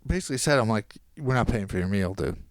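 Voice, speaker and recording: A man, a podcast guest, telling a long anecdote in casual chat and quoting people in quick voices. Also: fairly low pitch, expressive, slight background noise.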